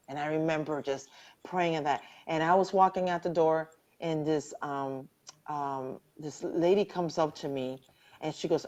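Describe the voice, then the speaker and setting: In a live online interview, a middle-aged woman earnestly shares her personal story of surviving cancer, often repeating phrases for emphasis. Her voice sits low and unhurried, and the audio is dull.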